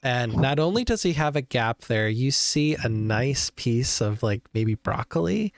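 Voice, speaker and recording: A man running a tabletop game who describes scenes in a relaxed, unhurried way. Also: mid-range voice, dry recording, studio quality. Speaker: game master.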